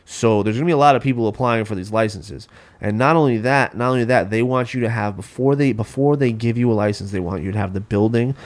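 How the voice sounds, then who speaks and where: A man's voice: mid-range voice, fast talker. A man ranting in casual podcast talk, stumbling over his words and restarting often. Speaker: podcast guest. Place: home studio.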